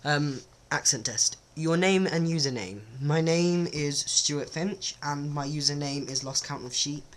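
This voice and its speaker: A man's voice: a little high, measured pace. Hesitant man doing a vlog. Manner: hesitant, many ums, self-conscious. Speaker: vlogger. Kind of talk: casual accent-test vlog.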